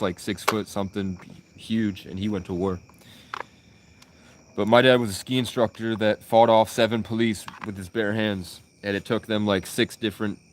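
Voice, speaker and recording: A young man telling his own stories in a loose, rambling flow, with frequent restarts and plenty of swearing. His voice sits on the lower side and has an unguarded, conversational feel. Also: slight background noise. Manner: rambling, profane, with many restarts. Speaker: vlogger. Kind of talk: casual personal storytelling.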